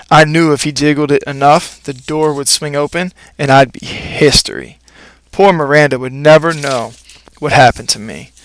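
A man reading a children's storybook aloud in a playful, expressive first-person narration. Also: on the high side, no room sound. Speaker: audiobook narrator.

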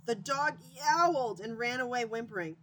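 A woman reading a children's chapter book aloud to students, with an expressive, animated delivery. Her voice swoops up and down with lots of movement. Faint hiss sits underneath the recording. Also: a little high, moderate pace. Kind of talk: storybook read-aloud.

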